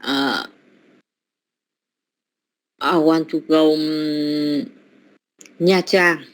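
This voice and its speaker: An adult woman, an English learner giving halting short answers with fillers. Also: low voice, steady tone.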